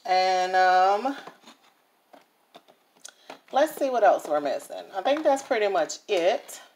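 A woman's voice: mid-range voice, expressive, takes it slowly, a little mellow. A woman chatting through a home cooking vlog in her kitchen, often checking in with viewers. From New Orleans, USA. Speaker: home cook.

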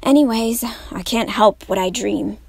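A woman's voice: medium pitch, measured pace, gravelly, a little mellow, slightly rough, dry recording. A woman reading the part of a gloomy, sleepy husband, talking in a resigned, sighing way. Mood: weary. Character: weary, gloomy husband who longs for sleep.

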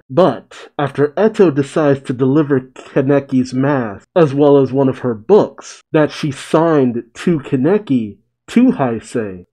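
Mellow-voiced man reacting to anime. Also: medium pitch, rough recording. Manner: playful greeting, dramatic recap, loud surprised exclamations. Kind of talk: episode recap and reaction commentary.

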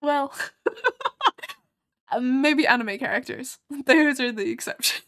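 Woman streamer from Australia, bright-ish higher voice, giggly casual play commentary. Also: takes it slowly. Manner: giggly, reads game lines aloud.

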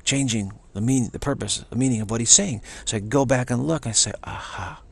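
A spiritual speaker with a gravelly, mid-range voice talks fast through a rambling, reflective talk. He repeats himself and acts out the voices of the people he quotes.

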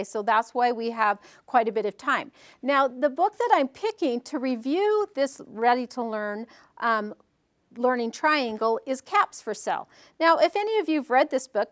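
Animated high-voiced woman workshop presenter. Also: no echo, clean studio sound. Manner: animated storytelling, asks the audience questions. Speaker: early-learning workshop presenter. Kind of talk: teaching a parent workshop.

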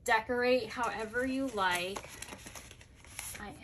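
A woman's voice: medium pitch, measured pace, long pauses, heavy background noise. A woman chatting casually and gushing over planners as she shows them off, thinking aloud as she goes. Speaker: planner vlogger. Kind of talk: casual product haul chat.

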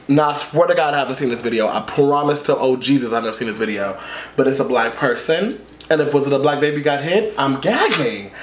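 A man's voice: fairly high pitch, fairly bright tone, a little hiss or hum. A man reacting to a music video in casual commentary, flamboyant and profane, gasping and close to tears. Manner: flamboyant, sassy and profane, with gasps and squeals. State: emotional, near tears. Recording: echoey room with music playing behind.

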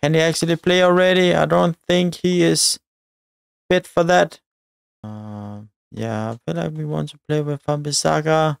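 A man's voice: fairly high pitch, steady tone, normal speed, vocal fry, smooth, no echo. A man giving live commentary over his football video game, urging the on-screen players on and talking to his viewers. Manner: addresses viewers directly. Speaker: gaming channel host.

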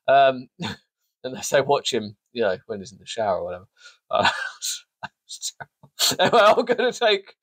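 A man's voice: a little high, no room sound. A man hosting a sports show, casually previewing a fight card with jokey, rambling, self-mocking asides. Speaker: sports podcast host.

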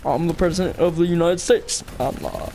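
A man puts on a mock president who speaks slowly and calmly while bragging about himself. His voice sits high. Steady noise runs behind it. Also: lightly acted. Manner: slow, self-praising, joking. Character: mock US president, boastful, slow calming voice. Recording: background noise.

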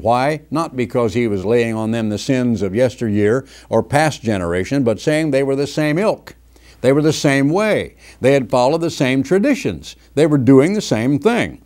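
A man's voice: medium pitch, expressive, moderate pace, a little mellow. An older preacher delivers a sermon from his study. He talks in a conversational way, moves between reading scripture and chatting, and mocks other people's voices as he goes. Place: home study.

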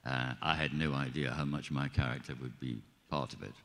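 A man's voice: very deep voice, fairly quick. Older man telling stories on a reverberant stage. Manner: animated, acts out quoted dialogue. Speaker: guest actor. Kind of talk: live panel storytelling. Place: live event stage. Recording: long hall reverb.

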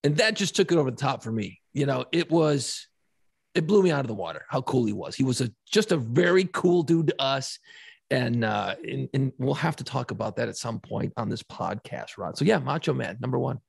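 A middle-aged man co-hosting a podcast, telling stories in an animated way with swearing and bursts of laughter. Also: mid-range voice, a little fast, gravelly, slightly rough, no room sound, studio quality. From New Orleans area. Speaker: podcast co-host. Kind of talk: casual chat.

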